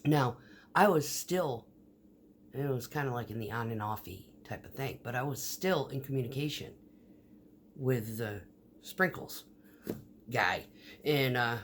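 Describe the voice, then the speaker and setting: A woman's voice: very deep voice, measured pace, long pauses, slight background noise. A woman vlogger telling stories in a casual, rambling monologue, swearing often, with many fillers and restarts. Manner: profane, storytelling, frequent fillers and restarts.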